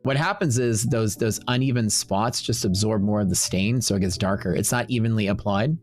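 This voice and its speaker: A man's voice: lowish voice, brisk, soft background music. Rambling man telling a story. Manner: animated storytelling with frequent fillers and quoted back-and-forth. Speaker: livestream host.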